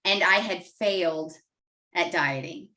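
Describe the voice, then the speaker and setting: A middle-aged woman shares her story openly and from the heart. Her voice sits a little low, with a bright, forward tone. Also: slow, distant mic, poor audio. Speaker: guest client. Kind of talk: emotional personal story.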